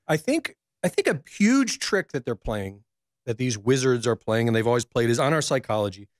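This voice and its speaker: Male reporter, measured, um-filled, dry close sound. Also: medium pitch, sing-song, dry recording. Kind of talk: casual political chat.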